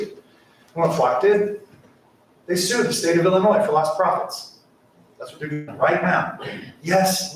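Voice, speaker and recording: A man's voice: on the high side, measured pace, pauses often, a little hiss or hum. A man giving an impassioned public comment at a city council meeting, asking rhetorical questions. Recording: echoey council chamber mic from far off.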